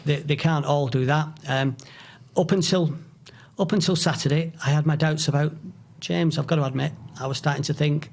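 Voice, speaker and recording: A middle-aged man with a gravelly edge and a voice set a little high. He speaks as a guest in a relaxed podcast chat, giving firm opinions while stumbling over restarts. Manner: halting, many restarts, opinionated. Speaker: guest, football author.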